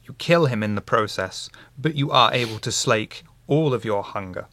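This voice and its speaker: A man's voice: medium pitch, normal speed, a bit bright, no room sound. Man with a dry voice narrating a tabletop game. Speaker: game master.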